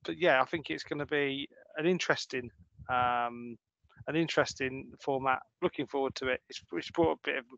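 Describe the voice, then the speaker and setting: A man's voice: medium pitch, normal speed, gravelly, a bit bright, dry recording. A man chatting as a podcast co-host, upbeat and enthusiastic. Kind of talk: casual chat. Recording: dull lo-fi sound.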